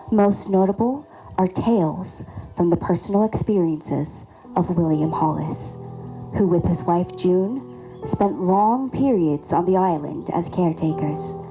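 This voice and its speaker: A woman narrating a local ghost legend in a measured, formal reading. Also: lowish voice, poor audio. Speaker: storyteller. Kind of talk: ghost story narration in a lecture series.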